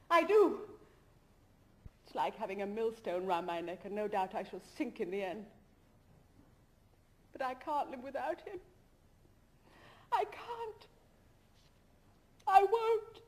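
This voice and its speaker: An actress in a 1970s stage drama plays an emotional, middle-aged aristocratic woman who swings between tender coaxing and shrill mockery.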